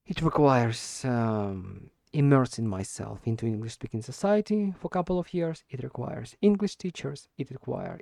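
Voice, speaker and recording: A man practicing spoken English in an unscripted monologue, talking slowly and hesitantly, repeating and restarting words as he searches for them. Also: medium pitch, creaky, a little mellow, no echo, clean studio sound. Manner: deliberately slow with stressed words. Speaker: English learner recording speaking practice.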